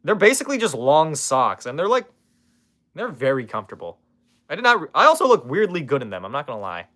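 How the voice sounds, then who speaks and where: A man's voice: fairly high pitch, huge pitch swings, fast talker, sharp tone. A man streaming from his room in casual chat, sarcastically roasting viewers and swearing freely.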